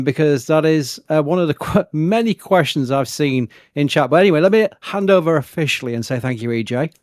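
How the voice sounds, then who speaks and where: A man with a Yorkshire accent hosting a live stream, chatting casually and reading viewer messages out quickly. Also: mid-range voice, a little mellow, no echo. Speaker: livestream host.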